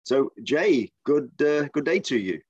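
A man's voice: fairly high pitch, sing-song, measured pace, darkish tone, breathy edge, no room sound, muffled recording. A man with an English Midlands accent co-hosting a podcast, chatting casually with lots of fillers and restarts. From Midlands, England. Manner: hesitant, many fillers and restarts. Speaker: podcast co-host. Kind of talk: casual chat. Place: lives in Texas.

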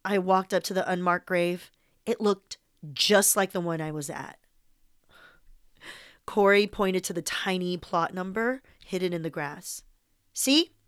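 A woman's voice: on the low side, measured pace, clear, resonant tone, no room sound, studio quality. A young woman reading her personal essay aloud in a candid, wry way, with some swearing.

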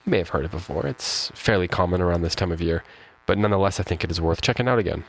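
A man's voice: low voice, quick pace, creaky, rough recording. A man hosting a poetry show, talking casually and thoughtfully about a poem, with fillers and restarts. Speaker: poetry podcast host. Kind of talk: casual talk about a poem with slow read-aloud.

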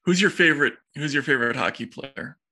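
A man from Boston co-hosting a casual chat, easygoing and agreeable, often halting mid-sentence. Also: on the high side, bright, forceful tone, slightly rough. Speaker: co-host.

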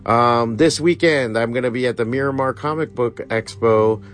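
A man's voice: medium pitch, normal speed. A man hosting a casual podcast from a comic shop, telling rowdy stories full of swearing and acted-out voices, then wrapping up with plugs. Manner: animated storyteller, swearing freely and acting out voices. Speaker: podcast host. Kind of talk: casual chat.

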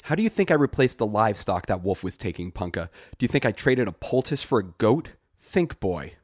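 A man reading a short story aloud and voicing a wary village herb woman who scolds in hushed tones. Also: deep voice, normal speed, no room sound, clean studio sound. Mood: urgent, scolding.

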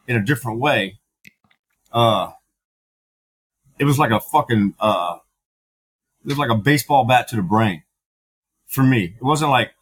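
A man's voice: mid-range voice, a bit bright, husky, poor audio. A middle-aged man, a podcast guest, telling his story candidly, with frank, profane talk full of fillers and restarts.

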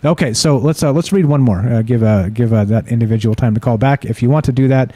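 A man's voice: mid-range voice, fast, mellow, no room sound. A man hosting a live call-in radio show, talking casually and reading stories aloud, rambling with many fillers and restarts.

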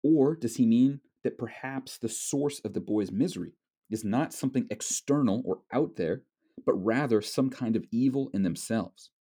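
A man lecturing on a novel in a measured, explanatory way, with frequent fillers. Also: mid-range voice, mellow, husky. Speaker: literature lecturer. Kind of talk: recorded lecture.

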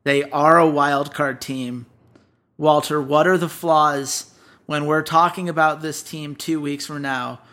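Co-hosting an esports analysis show in a casual chat, a man with a bright, forceful, a little high voice and steady tone breaks down a team's weaknesses briskly and emphatically. He puts questions to his co-host as he goes.

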